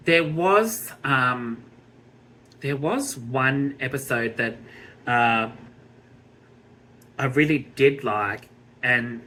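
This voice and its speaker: An Australian man giving a blunt, scornful TV review rant, swearing freely and filling pauses with ums. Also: medium pitch, pushed and bright, slight background noise, rough recording. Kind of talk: ranting review vlog.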